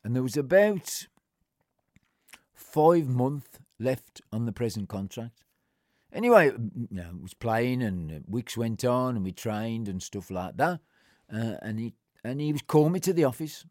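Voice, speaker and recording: Very animated yet measured in pace, an older man tells a personal story bluntly and colloquially, performing remembered conversations with changes in pitch and volume. It's recorded in studio quality without room sound.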